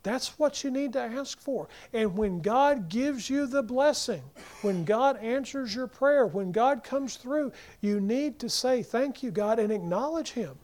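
A man preaching a sermon. He swings between loud emphasis and near-whispers and acts out the people in the scripture passages in quick voices. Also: extremely high pitch, animated.

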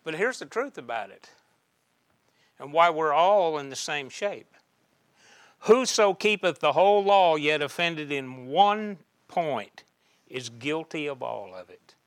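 A man preaching a sermon, swinging from loud emphatic bursts down to quiet, measured lines. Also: on the high side, animated, clear, resonant tone, no room sound.

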